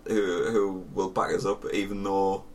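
A man's voice: low-pitched, little pitch movement, a little slow, recorded from a distance, slight background noise. A young man with a Sunderland accent, co-hosting a podcast and telling a story animatedly, with swearing and laughter. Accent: Northern English (Sunderland). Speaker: podcast co-host. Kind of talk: casual chat.

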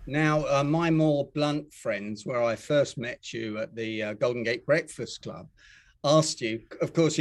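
A man hosting an interview, chatting and asking leading questions. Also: mid-range voice. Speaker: interviewer host. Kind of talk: interview chat.

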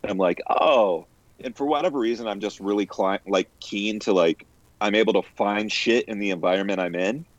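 Man, low voice, casual profane storyteller, dull lo-fi dry audio. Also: a little fast, no echo. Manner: profane storytelling, animated quoted asides. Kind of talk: casual chat.

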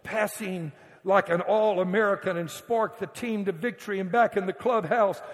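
A man preaching a sermon as pastor, telling a story with dramatic swings from hushed tones to shouting. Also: high-pitched, normal speed. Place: church sanctuary. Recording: church hall reverb.

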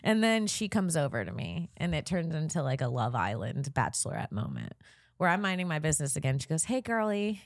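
A woman's voice: sits low, big pitch swings, fairly quick, dry recording, clean studio sound. A woman in her thirties, a comedian co-hosting a podcast, telling a story in casual chat. She acts out the people she quotes and laughs often.

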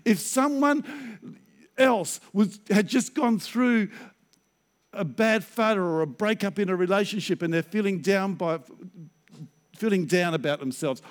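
Animated, high-voiced preacher. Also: male voice. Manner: animated preaching with stammered acted-out inner voices. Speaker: pastor. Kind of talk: sermon.

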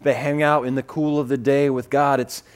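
A man preaching a sermon, animated and repeating phrases as he builds, acting out voices when he tells personal stories. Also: mid-range voice, moderate pace. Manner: acts out voices in his stories. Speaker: pastor.

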